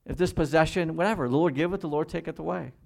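A man preaching a sermon as pastor, reading scripture slowly and swinging between quiet, measured emphasis and loud, high-pitched exhortation. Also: gravelly. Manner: reads scripture slowly and deliberately.

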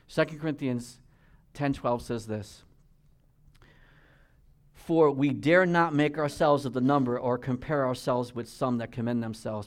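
A man preaching a sermon as pastor, reading King James scripture slowly, then breaking into emphatic, rising exhortations and quick asides. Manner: reads King James scripture in a slower, lower voice.

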